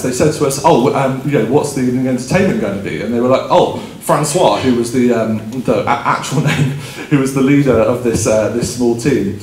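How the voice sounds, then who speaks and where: A man's voice: medium pitch, a little mellow, a little hiss or hum. Chatty man in a roomy hall. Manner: chatty, self-deprecating, frequent ums, laughs at own story. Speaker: keynote speaker. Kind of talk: conference keynote storytelling. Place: conference hall stage. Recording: roomy hall, faint background ambience.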